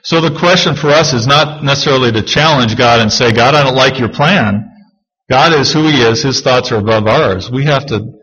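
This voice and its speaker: A male pastor preaching a sermon, reading scripture slowly and then explaining it in a conversational way. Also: medium pitch, a bit bright, muffled recording.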